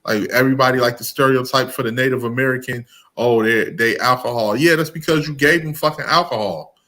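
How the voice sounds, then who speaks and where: A man's voice: mid-range voice, fast talker, sharp tone. A man hosting a casual commentary talk, blunt and emphatic, often restarting his sentences. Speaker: host of commentary channel.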